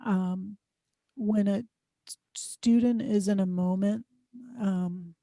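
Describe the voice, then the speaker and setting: A woman's voice: medium pitch, steady tone, slow pace, dark tone, no echo. A woman speaking as a guest expert in an interview, explaining advice conversationally with frequent "um" fillers. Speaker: guest expert on student success.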